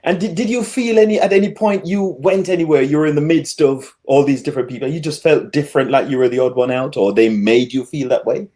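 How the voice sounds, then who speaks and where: A man hosting a sports radio show, who asks questions in a relaxed way and jokes with his guest. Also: on the high side, fast talker, few pauses. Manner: relaxed, joking interviewer who laughs easily. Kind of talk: casual radio interview.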